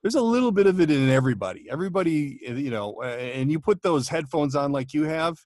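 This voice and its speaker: A man's voice: fairly high pitch, animated, fast talker, darkish tone, no room sound, clean studio sound. Chatty man telling voiceover stories. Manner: chatty, laughing storyteller with many restarts. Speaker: podcast guest, voice actor. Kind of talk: casual chat. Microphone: home studio microphone.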